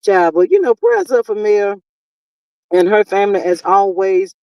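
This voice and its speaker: A woman's voice: mid-range voice, sing-song, a little mellow, dry recording. Exasperated woman streamer, dry and distant. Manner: exasperated, talkative, drawn-out exclamations. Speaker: YouTube commentary host. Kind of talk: casual live-stream commentary.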